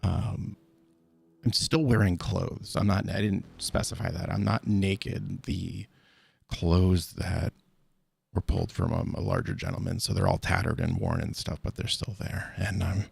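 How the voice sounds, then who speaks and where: Deep, very gravelly man narrating in-character. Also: animated, dry recording. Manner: halting, searching for words. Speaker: tabletop game player. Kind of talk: first-person in-character narration.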